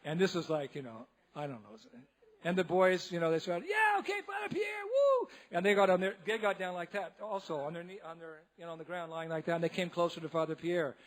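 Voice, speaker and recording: A man, a monk, giving a humorous storytelling lecture in a temple, animated and laughing often as he acts out the people in his tale. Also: on the high side, quick pace. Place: temple hall.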